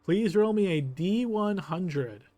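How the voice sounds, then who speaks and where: A man's voice: high voice, animated, takes it slowly, dark tone, no room sound. A man narrating a tabletop game as game master, easygoing and full of filler words.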